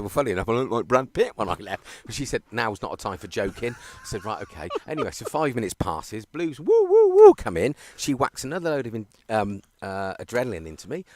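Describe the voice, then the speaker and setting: A man with a medium-pitched voice commentates on a live cricket stream, chatting casually and telling a story as an animated storyteller who laughs often. There is slight background noise.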